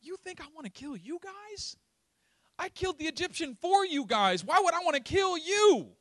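A man voicing an exasperated, misunderstood biblical leader, Moses, pleading and rising to a shout. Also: very high-pitched, sing-song, normal speed, dry recording, clean studio sound, pitched above the performer's own voice, heavily acted. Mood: pleading, indignant.

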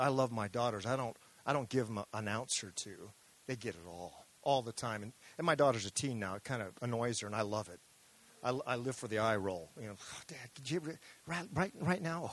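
A middle-aged man preaching a sermon, moving between hushed, intimate lines and loud, fervent emphasis. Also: fairly low pitch, low-quality recording.

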